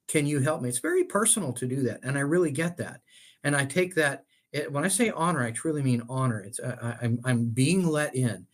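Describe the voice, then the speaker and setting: An older man, an estate planning attorney as guest, speaking earnestly and heartfelt, with many halting restarts. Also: medium pitch. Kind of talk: earnest interview talk.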